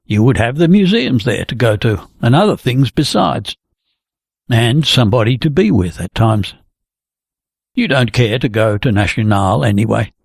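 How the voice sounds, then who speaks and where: A hearty, talkative young man chats breezily and bluntly, as a male reader plays him, his voice gravelly and husky. It sounds close and dry, with no room around it. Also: medium pitch, lively intonation, normal speed, no room sound. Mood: coaxing.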